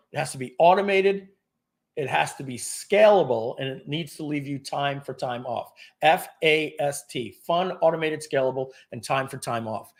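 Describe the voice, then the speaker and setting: A middle-aged man hosting a live webinar, pitching software with energetic, salesy talk, often clearing his throat and restarting sentences. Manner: energetic, salesy, talks to viewers as folks. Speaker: webinar host presenting software.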